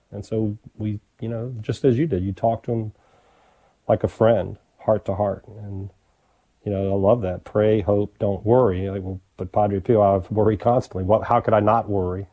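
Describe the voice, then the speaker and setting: A man who is a priest, appearing as a guest on a radio talk show, speaking in a gentle, reflective way. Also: lowish voice, steady tone, normal speed, narrow, tinny audio.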